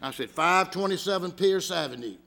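Southern guy from georgia preaching, high gravelly voice, folksy storyteller. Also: expressive, normal speed, pushed and bright. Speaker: pastor. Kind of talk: sermon with humorous stories.

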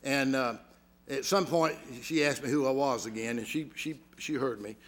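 A man's voice: medium pitch, moderate pace, a bit bright. A man with a Georgia Southern accent, a pastor preaching a sermon with folksy, humorous stories. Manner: folksy storytelling, gravelly voice.

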